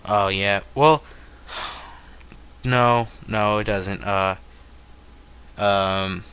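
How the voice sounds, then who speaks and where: Male podcast co-host, low but bright voice, rambling casual gaming chat. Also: steady tone, very slow, clear, resonant tone. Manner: rambling, jokey, mocks companies in made-up dialogue.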